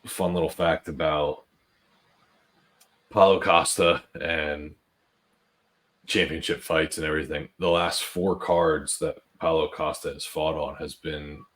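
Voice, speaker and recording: A man co-hosting a sports betting podcast, relaxed in casual chat, sharing stats and fun facts. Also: rumbling low, unhurried. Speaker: podcast co-host.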